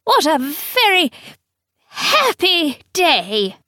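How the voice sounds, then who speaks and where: A woman's voice: very high voice, wildly swooping pitch, very slow, bright, forceful tone, no room sound, clean studio sound, pitched above the performer's own voice, heavily acted. A woman voicing a cheerful little old male priest who talks in a delighted, quavering, effervescent way. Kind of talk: audiobook character voice.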